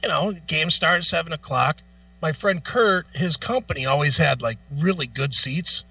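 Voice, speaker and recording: A man co-hosting a talk show, telling a long profane anecdote in a casual, animated way. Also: a little high, normal speed, creaky, far from the mic, low-quality recording. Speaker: co-host. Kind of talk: casual storytelling.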